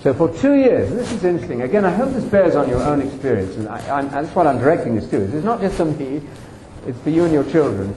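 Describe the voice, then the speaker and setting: A man's voice: fairly high pitch, very animated, fast talker, warm tone. An older man giving a personal testimony to a congregation, emphatic and addressing the listeners directly. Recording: roomy echo, faint background noise.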